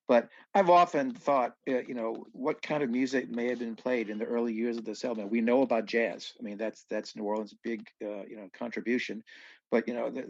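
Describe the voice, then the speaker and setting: A man from southeast Louisiana with a gravelly, creaky voice, speaking as a podcast guest in a dry, slightly dull recording. He tells long stories animatedly, doubling back on himself with asides and restarts. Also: mid-range voice, darkish tone, no echo. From southeast Louisiana, USA. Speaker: guest musician. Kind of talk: storytelling in a casual podcast chat.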